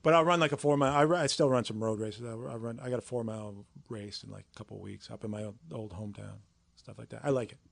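A man's voice: fairly low pitch, quick pace, vocal fry, no echo. A man chatting as a podcast guest, rambling and repeating himself, laughing easily. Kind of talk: casual chat.

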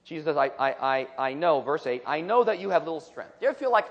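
A man preaching a sermon, explaining history and then reading scripture aloud with emphatic, slowed phrasing. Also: fairly high pitch, sing-song, big-room sound, dull audio. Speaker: pastor. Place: church sanctuary.

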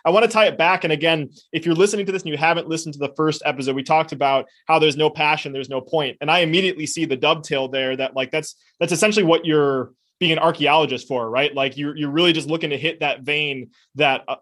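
A man's voice: a little high, fairly even intonation, quick pace, hardly any pauses, a bit bright. A man hosting a podcast, reacting enthusiastically to his guest in a casual chat and often restarting his sentences. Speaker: podcast host.

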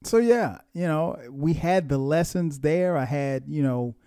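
A middle-aged man hosting a podcast, telling a relaxed, self-mocking story about his past and chuckling often. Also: a little high, unhurried, clear, resonant tone, dry recording, studio quality. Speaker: podcast host.

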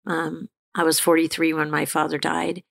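Middle-aged female guest, gravelly and fairly low, candid and halting with many restarts. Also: monotone. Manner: halting, frequent restarts and fillers, laughs now and then. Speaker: guest sharing her recovery story. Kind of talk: candid personal storytelling.

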